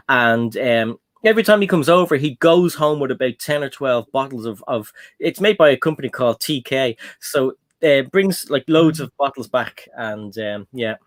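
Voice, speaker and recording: A man's voice: mid-range voice, dry recording. A man hosting a casual livestream, telling rambling stories full of ums. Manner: rambling storyteller, many ums. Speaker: livestream host. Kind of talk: casual chat while building.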